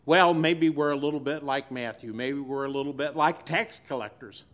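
A male pastor preaching a sermon to his church. He pauses dramatically and swings between loud and hushed delivery. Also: mid-range voice.

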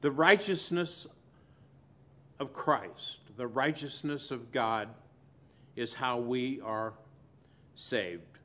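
A man preaching a sermon as pastor, swinging between loud emphasis and quiet, soft asides. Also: medium pitch, very slow, long pauses.

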